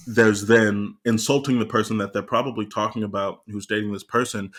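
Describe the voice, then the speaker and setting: Easygoing low-voiced man, podcast chat. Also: fairly even intonation, moderate pace, few pauses, a bit bright. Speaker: podcast co-host. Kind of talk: casual literary discussion.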